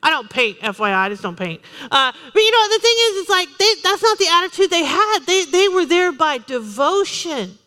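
A woman pastor preaching a lively sermon, joking and emphatic, with chatty asides to the congregation. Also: very high voice, in a large hall. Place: church sanctuary.

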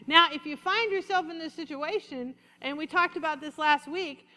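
A woman pastor preaching a lively sermon, acting out quotes with a changing voice. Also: high voice, normal speed, few pauses. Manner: lively preaching, acts out quotes and sheep sounds. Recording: echoey hall with long reverb.

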